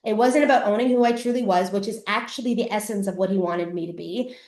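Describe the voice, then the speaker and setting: A middle-aged Canadian woman, a podcast host and coach, tells a personal story during a live masterclass in an echoey room. She talks fast in a medium-pitched, darkish voice, speaking candidly, swearing freely and acting out her past self.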